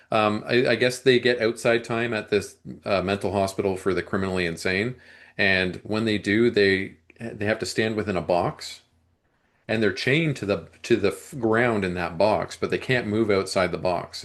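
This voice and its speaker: A man with a fairly low voice talks through a film plot in a casual podcast chat. He rambles, restarts sentences and often clears his throat. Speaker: movie review podcast co-host. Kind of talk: casual movie discussion.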